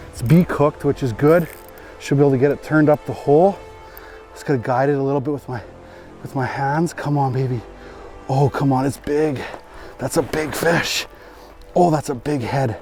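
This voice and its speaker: A man's voice: mid-range voice, darkish tone, no room sound. Man giving exclamatory fishing commentary. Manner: exclamatory, repeats short phrases. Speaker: fishing vlogger. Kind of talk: live outdoor fishing commentary. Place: outdoors on a frozen lake.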